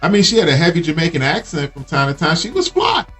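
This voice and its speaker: A man co-hosting a podcast, rambling through his stories and taking on every part of the dialogue himself. His voice is a bit husky, and it swoops up and down with lively pitch. Faint music plays underneath. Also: quick pace. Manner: rambling storytelling, acting out both sides of dialogue. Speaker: podcast co-host. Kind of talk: casual chat.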